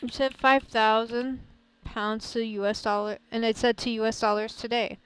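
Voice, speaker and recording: Young American woman streamer, slightly high, smooth voice, animated and rambling, laughs a lot, dry close mic. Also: normal speed, dry recording, low-quality recording. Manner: polite, somewhat formal phrasing. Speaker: VTuber let's-play streamer. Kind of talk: casual game commentary.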